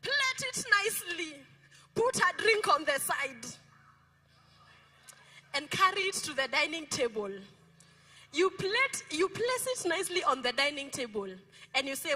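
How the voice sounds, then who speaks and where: A middle-aged woman pastor with a Kenyan accent, preaching a lively sermon in a church, playful and quizzing her congregation. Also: extremely high pitch. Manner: playful, code-switching, asks the congregation questions. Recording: music behind the preaching.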